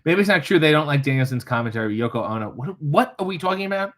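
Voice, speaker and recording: A man's voice: on the high side, expressive, fast talker, a bit bright. A man hosting a casual livestream from a hotel room, reading chat comments aloud with wry, profane joking asides. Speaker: livestream host.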